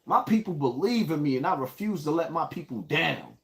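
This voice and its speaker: A man's voice: on the high side, big pitch swings, normal speed, vocal fry. A man from the Bronx, hosting a casual live stream and hyping up his viewers. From Bronx, New York. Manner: hyped, calls out viewers by place. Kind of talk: casual livestream talk.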